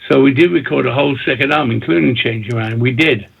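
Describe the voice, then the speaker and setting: A man's voice: medium pitch, fast talker. A man guest, a record producer and DJ, telling long rambling stories in an interview, repeating himself and restarting his sentences. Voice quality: gravelly and husky. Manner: talks in bursts, repeats himself, many restarts. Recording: tinny phone-line audio.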